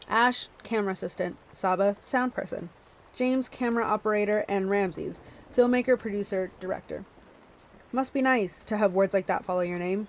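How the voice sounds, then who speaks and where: A woman's voice: medium pitch, moderate pace, low-quality recording. A woman hosting a book club stream, reading a novel aloud with small stumbles and self-corrections, and chatting to her viewers between passages.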